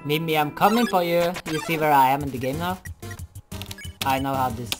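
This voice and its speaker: A woman's voice: sits low, a little fast, music in the background. A woman casually commenting on her video game play, swearing and apologizing for herself. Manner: sweary and self-deprecating. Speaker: let's play gamer.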